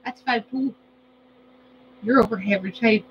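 A woman's voice: high-pitched, moderate pace, fairly bright tone, a little hiss or hum, poor audio. A woman chatting casually while cooking, rambling and playful, often correcting herself. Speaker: vlogger.

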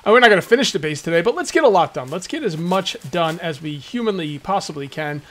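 A man's voice: sits high, lively intonation, fast, a bit bright. A man giving casual, jokey let's-play commentary as a gaming video host, ranting and chatting at the viewers. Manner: chatty, ranting, jokey, slips into mock voices. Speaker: gaming YouTuber.

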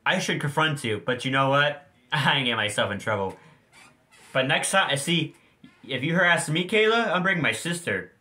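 A man's voice: mid-range voice, pushed and bright. Furious, foul-mouthed young male vlogger. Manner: heated, profane, ranting to viewers. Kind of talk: angry storytime rant.

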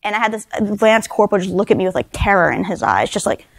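A woman's voice: mid-range voice, sing-song, quick pace. A woman in her thirties giving a leadership talk at a conference, speaking conversationally with lots of "right?" tag questions and dry self-deprecating humor. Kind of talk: leadership talk to a live audience. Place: conference session room.

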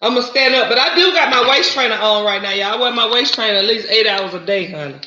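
A chatty Southern woman hosting a livestream, folksy and warm with her viewers in a casual way. Her voice is very bright and forceful, caught in a roomy space with a slightly dull, lo-fi tone. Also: a little high, expressive, fast. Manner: chatty, folksy, calls viewers honey and y'all. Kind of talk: casual live-stream chat.

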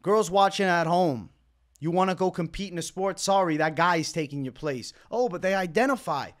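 A high-pitched man delivering a heated reaction commentary. He rants with indignation and hammers his points home by repeating the same words over and over. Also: normal speed. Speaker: MMA commentator.

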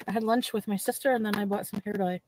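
A woman's voice: medium pitch, steady tone, fast talker, background noise. Female streamer, idle casual chat, replayed stream. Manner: talking to her chat while doing other things. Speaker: live streamer.

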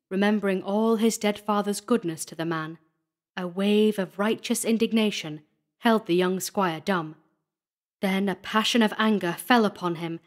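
A woman reads a gothic horror tale aloud at an unhurried pace, every phrase measured and deliberate. Her voice sits in a middle pitch, with the careful shape of scripted narration. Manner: slow, deliberate storytelling.

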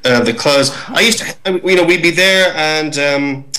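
A middle-aged male actor in a casual interview, telling behind-the-scenes stories in a lively way. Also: fairly high pitch, measured pace, slight background noise, poor audio. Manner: lively storyteller, acts out voices. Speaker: actor guest.

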